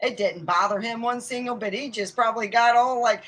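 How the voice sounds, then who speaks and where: A woman's voice: fairly high pitch, brisk, hardly any pauses, a bit bright, rough recording. Rambling, profane middle-aged woman storyteller. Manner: rambling and profane, laughing at her own stories. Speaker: comedian. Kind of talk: casual storytelling monologue.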